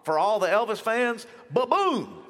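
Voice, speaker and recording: A man in the pulpit preaching a casual, animated sermon, acting out the voices of people in his stories. His voice sits high and moves all over the place. The church hall adds a long, ringing reverb. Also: a little slow. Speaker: pastor.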